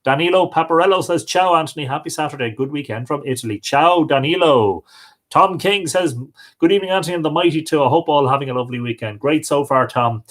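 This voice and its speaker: A man's voice: a little high, fast. A middle-aged man with an Irish accent hosting a live stream, reading out viewers' comments and greeting each one by name. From Ireland. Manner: friendly, reads comments aloud.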